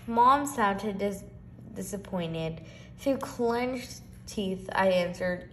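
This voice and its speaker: A woman reading a children's picture book aloud, expressive and varied from line to line. Her voice sits in a middle pitch, with a faint hum in the background. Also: takes it slowly. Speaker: reader.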